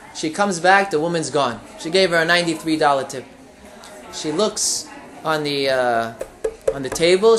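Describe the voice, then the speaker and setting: A Torah teacher telling a moral story in a religious lesson, acting out the characters' lines with frequent restarts. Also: mid-range voice. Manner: retells stories with quoted dialogue, frequent restarts.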